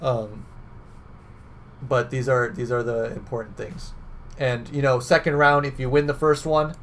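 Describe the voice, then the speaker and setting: A man's voice: medium pitch, flat delivery, measured pace, a bit bright, slight background noise. A young man giving casual game coaching, chatty and loose, often tagging on "right?" and fillers. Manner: conversational, filler-heavy, repeats "right?".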